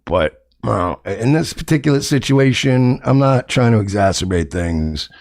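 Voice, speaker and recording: Gravelly New York-accented man, hesitant and defensive streamer, lively pitch. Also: unhurried. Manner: hesitant, defensive, many fillers. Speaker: streamer in a played clip. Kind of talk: casual monologue to viewers.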